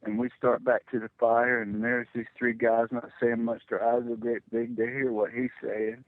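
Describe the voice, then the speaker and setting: A middle-aged man telling a personal story as a radio guest, halting and repeating words when it gets tense. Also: mid-range voice, little pitch movement, no room sound. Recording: tinny phone line, dry.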